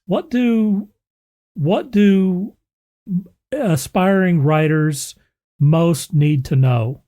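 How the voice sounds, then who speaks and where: A man co-hosting a radio book show, asking slow questions and responding with enthusiasm. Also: high-pitched, warm tone. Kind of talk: radio interview conversation.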